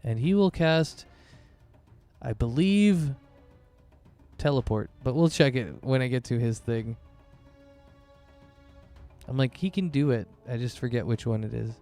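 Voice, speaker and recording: A man's voice: medium pitch, measured pace, long pauses, mellow, soft background music. A man narrating a tabletop game as game master, in loose, chatty narration full of fillers.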